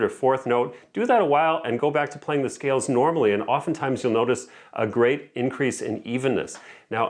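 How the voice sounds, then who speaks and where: A man teaching piano, explaining practice methods in a clear, methodical way and calling out rhythm examples. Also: medium pitch. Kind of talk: instructional lesson. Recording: faint piano music in background. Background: piano playing between explanations.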